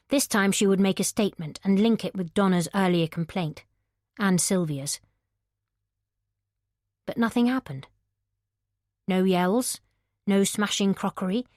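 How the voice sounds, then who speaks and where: A woman narrating a psychological thriller audiobook in a measured, tense manner. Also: mid-range voice, a little mellow, dry recording, clean studio sound. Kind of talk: scripted narration.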